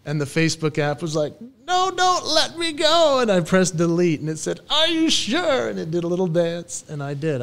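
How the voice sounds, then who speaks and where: An animated man in his forties tells lively stories as a podcast guest. His voice sits fairly high for a man, and he jumps into playful quoted voices as he talks. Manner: lively storyteller who acts out quoted voices. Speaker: guest, professional stage entertainer. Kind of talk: podcast interview.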